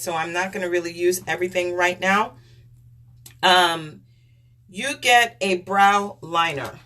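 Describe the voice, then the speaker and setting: A woman's voice: medium pitch, sharp tone. A woman chatting on a live stream, gushing as she shows makeup products and greets viewers by name.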